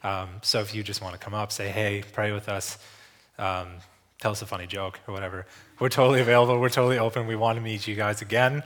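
A man's voice: on the low side, little pitch movement, fast, fairly bright tone. A man preaching a sermon in a church, casual and conversational, with many fillers and restarts. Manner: tells a story, acting out the voices of the people in it. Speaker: visiting preacher.

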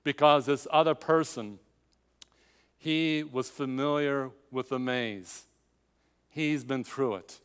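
A man's voice: mid-range voice, slow, pauses often, clean tone, long reverb tail. An older man preaching a sermon, telling a personal story with quoted dialogue and building to emphatic climaxes.

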